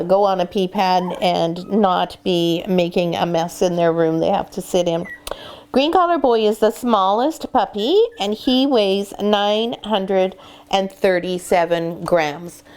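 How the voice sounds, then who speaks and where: A woman breeder sits among a litter of puppies, explaining training steps and then easing into a soft, coaxing voice to settle them. Faint background noise sits under her voice, along with the small sounds of puppies shuffling nearby. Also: fairly low pitch. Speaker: dog breeder. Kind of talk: instructional vlog, talking to puppies. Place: sitting in a whelping box with puppies.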